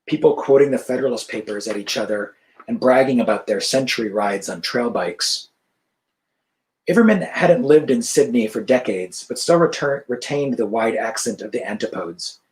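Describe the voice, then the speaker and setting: A male author reading his novel aloud over a video call in an even, measured narration. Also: medium pitch, rough recording.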